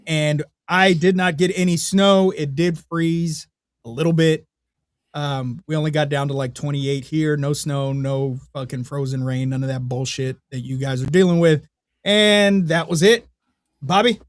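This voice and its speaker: A fairly high-voiced young man on a podcast, chatting casually and swearing freely as he tells lively, animated stories. His voice sounds dry and close, with no room around it. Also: a little slow, no echo. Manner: profane, animated storytelling. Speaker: podcast co-host.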